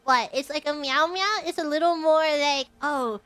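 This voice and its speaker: A woman's voice: high voice, moderate pace, a bit bright, dry recording. A woman streaming a game, chatting casually in a rambling, giggly, self-mocking way. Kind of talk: casual chat.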